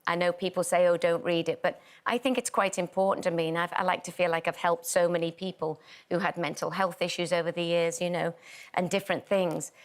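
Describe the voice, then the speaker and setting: A woman in her sixties speaks as a guest on a daytime chat show. She explains herself earnestly and with emphasis, in a voice a little lower than most women's. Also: fairly even intonation, a little fast. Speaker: guest, dance show judge. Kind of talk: casual studio chat.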